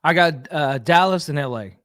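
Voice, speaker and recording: Dude cohosting a hockey pod, talks fast, tells stories, dead dry mic. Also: male voice, fairly high pitch, expressive, a bit bright, no room sound. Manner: quick, storytelling, mimics people. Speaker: podcast co-host. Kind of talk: casual sports chat.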